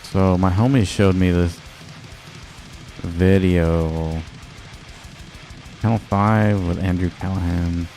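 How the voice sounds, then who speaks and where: A man's voice: low voice, fairly even intonation, takes it slowly, long pauses, mellow, soft background music. A man chatting casually and rambling on his livestream, swearing now and then. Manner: laid-back, swears, rambling asides. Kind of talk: casual stream chat.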